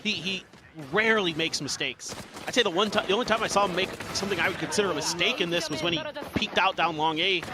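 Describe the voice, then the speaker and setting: High-voiced man giving esports analysis. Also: fast talker, noisy background. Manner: analytical, conversational. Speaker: color commentator. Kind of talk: esports color commentary.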